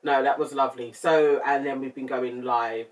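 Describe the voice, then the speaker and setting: A woman co-hosting a podcast in casual chat, lively and quick to laugh. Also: a bass voice, far from the mic. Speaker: podcast co-host.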